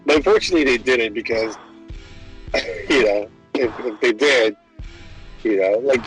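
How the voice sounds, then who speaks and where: A man's voice: medium pitch, a little slow, long pauses, faint music behind, low-quality recording. A young man hosting a casual podcast chat, telling stories with lots of laughter and acted-out voices. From Filipino American. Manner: animated storytelling, laughing often, acting out voices. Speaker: podcast host.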